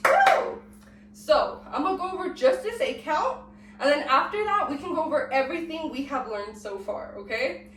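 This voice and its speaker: A woman's voice: sits high, fairly bright tone, far from the mic, a little hiss or hum. A young woman, sick and out of breath, teaching a dance step by step and counting the beats aloud while she moves. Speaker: dance tutorial host. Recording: echoey room, voice off-mic.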